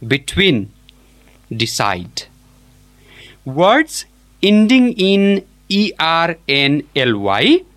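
A man teaching an English pronunciation lesson, modelling each word slowly and deliberately. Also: sits high, a bit bright.

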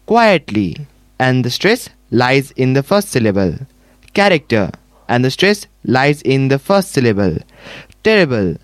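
A man's voice: medium pitch, normal speed, few pauses, clean tone, dry recording. Young-ish guy student reading answers out, same pattern each time, dry close sound. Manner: reads answers in a steady repeated pattern. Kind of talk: answering in class.

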